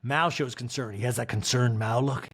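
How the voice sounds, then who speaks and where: A man hosting a comedic TV recap podcast, talking in an animated, sarcastic, riffing way. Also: mid-range voice, moderate pace, slightly rough. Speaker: podcast host.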